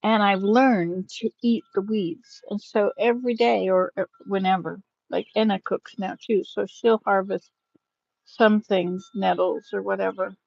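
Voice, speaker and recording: A woman vlogger chats casually during a live stream from her outdoor garden, where wind chimes sound, rambling and chuckling to herself. Her mid-range voice is steady, darkish, a little slow, and has vocal fry. The phone recording has no echo, and its highs are cut off.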